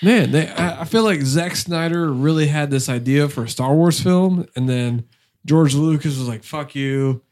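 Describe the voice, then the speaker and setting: A man co-hosting a casual movie review podcast, joking crudely and telling animated stories between laughs. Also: fairly high pitch, normal speed. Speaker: podcast co-host.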